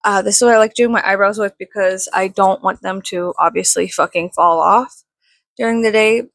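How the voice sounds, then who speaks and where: A worn-out young woman rambles through her dawn makeup routine, swearing freely and teasing herself. Her voice has a rough, gravelly fry. The sound is dry and close. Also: medium pitch, steady tone, moderate pace, fairly bright tone, dry recording. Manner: tired, swears often, self-mocking. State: tired. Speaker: vlogger. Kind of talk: casual early-morning makeup vlog.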